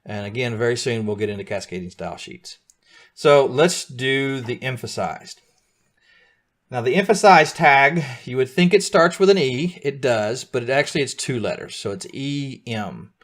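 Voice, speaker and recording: A middle-aged man leads a live beginner coding lesson at an even pitch. He explains each step patiently and keeps asking his students whether they are following along. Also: normal speed. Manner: patient, checks in often with students. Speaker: coding teacher.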